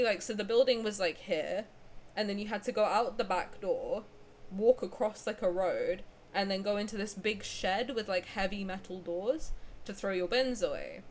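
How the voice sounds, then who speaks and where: Her pitch is medium and a bit bright, with slight background noise, as this young woman streamer casually recounts a long story from her own life. The telling rambles, is heavy on fillers, and often restarts mid-sentence.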